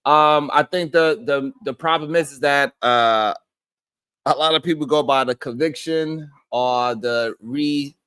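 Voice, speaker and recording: A man's voice: medium pitch, measured pace, a bit bright, clean tone. A man hosting a casual live stream, greeting chat viewers by name and arguing his point in a loose, rambling way. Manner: conversational, repeats himself as he rambles.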